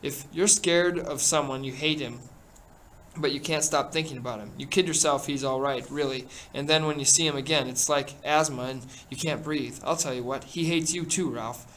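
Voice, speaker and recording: A man's voice: medium pitch, fairly even intonation, normal speed, a bit bright, slight background noise, lightly acted, poor audio. A man doing a fretful bespectacled boy. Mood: anxious. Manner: fretful, pleading. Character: bespectacled anxious boy, fussy and reasoning. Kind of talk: reading a novel aloud.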